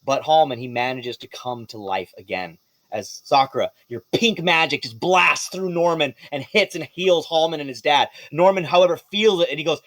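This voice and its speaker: A man as game master running a tabletop game, lively and profane. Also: fairly high pitch, moderate pace, no echo.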